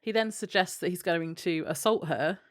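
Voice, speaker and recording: Lower-voiced woman chiming in on a podcast. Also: moderate pace. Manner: brief reactive agreement, laughing along. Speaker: podcast co-host. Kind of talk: casual TV episode recap chat.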